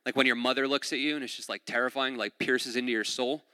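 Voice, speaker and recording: Bright-voiced casual preacher in a hall. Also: male voice, medium pitch, steady tone, fast talker, smooth, clean studio sound. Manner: casual, uses "like" often, repeats words. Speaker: pastor. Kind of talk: conversational sermon.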